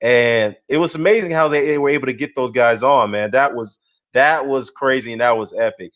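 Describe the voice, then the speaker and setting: A man's voice: medium pitch, a little fast. A man hosting casual boxing commentary on a live stream, rambling with lots of "you know" and "man" fillers while greeting viewers in the chat. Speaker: boxing YouTube host. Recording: dull lo-fi sound.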